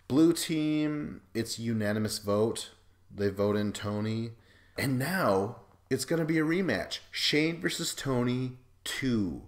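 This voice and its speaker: A man's voice: medium pitch, animated, slow. A young man hosting a podcast, rambling through a casual, profane recap and mimicking the people he quotes. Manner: profane, rambling, acts out quotes in mocking voices. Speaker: podcast host.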